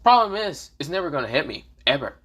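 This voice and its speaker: A man's voice: a little high, big pitch swings, fast talker, fairly bright tone, husky, pitched above the performer's own voice, heavily acted. A man voicing a cocky young man who is overpowered and smug, talking in a casual, taunting way.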